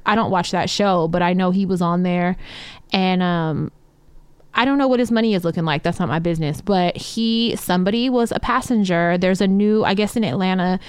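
A woman co-hosting a podcast in casual chat, animated and quick to laugh, swearing freely. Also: medium pitch, smooth, dry recording. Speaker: podcast co-host.

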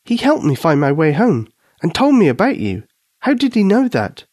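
A man doing an eager, high-voiced little girl. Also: wildly swooping pitch, moderate pace, darkish tone, no echo, studio quality, exaggerated voice. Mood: puzzled. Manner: eager, teasing. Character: quick-witted cheeky young girl.

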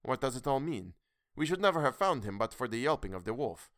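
A man voicing a calm, firm young officer in a story reading. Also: mid-range voice, fairly quick, no room sound, clean studio sound, pitched above the performer's own voice.

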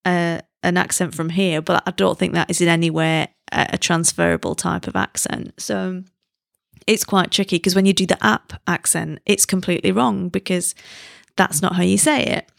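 A British woman talking in a relaxed, chatty way, quick to poke fun at herself. Her voice has a gravelly, fry-tinged texture, and the recording is close and dry with no room sound. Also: lowish voice, dry recording. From Britain. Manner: chatty and self-deprecating, laughs at herself. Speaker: podcast host. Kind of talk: casual chat.

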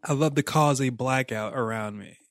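A man's voice: medium pitch, moderate pace, no echo, studio quality. A man co-hosting a podcast in casual chat, answering with short, puzzled questions. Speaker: podcast co-host.

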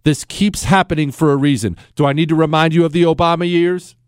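A man in his forties hosting a call-in radio talk show, emphatic and animated, dropping from loud to low. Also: a little fast, clean tone, no room sound, clean studio sound.

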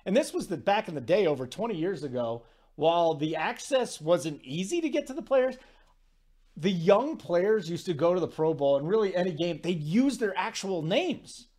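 A man in his forties hosting a sports talk show, telling stories in a rambling, animated way with lots of asides. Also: high-pitched, normal speed. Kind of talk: casual sports talk monologue.

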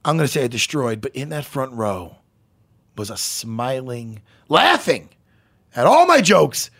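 A man hosting a casual talk show, animated and jokey, swearing freely. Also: medium pitch, a little slow, breathy edge. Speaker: podcast host. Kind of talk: casual chat.

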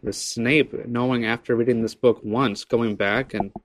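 A man's voice: medium pitch, steady tone, measured pace, a little hiss or hum. A man hosting a casual book discussion podcast, talking enthusiastically and rambling a little. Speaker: podcast host.

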